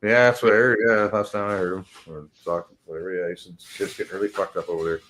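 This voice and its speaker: A man's voice: sits low, steady tone, fast, fairly bright tone. A man streaming, chatting casually with friends, swearing freely and trailing off mid-thought. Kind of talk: casual chat.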